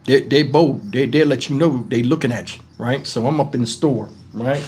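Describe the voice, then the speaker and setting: A man's voice: mid-range voice, moderate pace. A man hosting a live stream, telling casual profane stories and laughing along. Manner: animated, profane, laughs through his stories.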